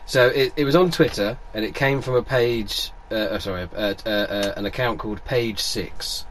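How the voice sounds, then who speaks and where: Sweary, animated man. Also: lowish voice, normal speed, a little hiss or hum. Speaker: podcast co-host. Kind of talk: casual chat.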